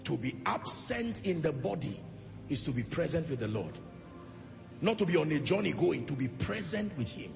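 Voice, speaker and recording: Impassioned preacher in a reverberant hall. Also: male voice, a little high, big pitch swings, moderate pace, gravelly, music in the background. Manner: impassioned, swelling into sung phrases. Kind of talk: sermon. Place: church hall. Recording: long church hall reverb.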